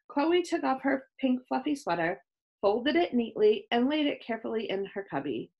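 A woman reading a children's chapter book aloud in a slow, expressive storytelling manner. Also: a little high, gravelly, highs cut off.

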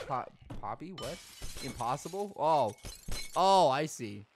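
Male gaming host, silly and excitable, higher than most men, unhurried delivery. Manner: goofy, excitable, laughs often. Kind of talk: let's play commentary.

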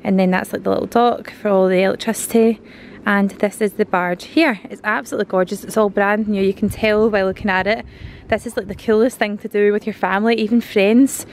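A woman's voice: mid-range voice, steady tone, fairly quick, darkish tone, slight background noise. A Scottish woman in her thirties giving a chatty, enthusiastic walkthrough tour of a converted canal barge as a family vlogger, filled with "like".

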